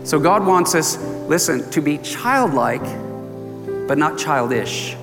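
A man delivers a sermon from the pulpit, his fairly high voice jumping all over its range as he laughs and acts out little voices. The sound carries a long reverb from the church sanctuary. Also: slow pace, vocal fry, music in the background. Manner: animated, laughing, acting out voices of people in the story. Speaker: pastor.

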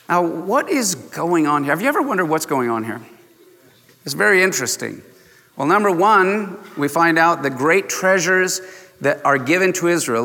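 A man preaching a sermon as pastor, emphatic, slowing down to stress key words and chuckling often. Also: fairly high pitch, animated, pushed and bright. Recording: long church reverb.

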